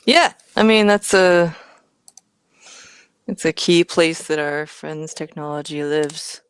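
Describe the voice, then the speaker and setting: A woman's voice: sits low, slow, clear, resonant tone. A woman co-hosting a live hardware build stream, chatting casually and thinking aloud, muttering half to herself as she works through things, with a playful, slangy way of talking. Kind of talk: casual chat.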